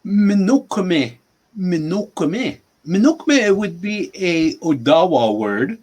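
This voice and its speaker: A husky-voiced man in his sixties who teaches words on a podcast. He speaks very slowly and a little high for a man, and he patiently repeats every word. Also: very animated, a little mellow. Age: 60s. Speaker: language teacher.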